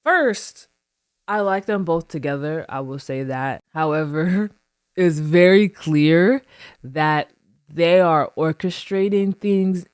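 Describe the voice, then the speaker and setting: A woman's voice: low-pitched, takes it slowly, darkish tone, smooth, dry recording. A woman giving casual, emphatic commentary in a recap of a reality show, opinionated and slangy, recorded close to the mic.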